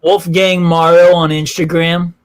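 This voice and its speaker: A man's voice: a little high, level tone, unhurried. A man guest on a casual live-stream chat, playful and joking.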